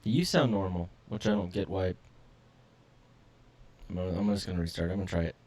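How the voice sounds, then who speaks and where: A man's voice: low-pitched, moderate pace, a little mellow. A man co-hosting a live podcast stream, fumbling with his audio setup while joking and sounding exasperated. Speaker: podcast co-host. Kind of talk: casual live-stream chat.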